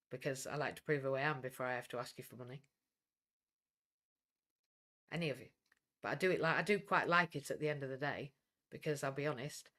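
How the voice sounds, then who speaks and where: A woman with a Welsh English accent talks on a livestream, blunt and outspoken, never beating around the bush. Her voice is bright and forceful, with a hard edge when she pushes a point. She runs a coaching business and swears freely once she gets going. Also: low voice. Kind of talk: livestream talk.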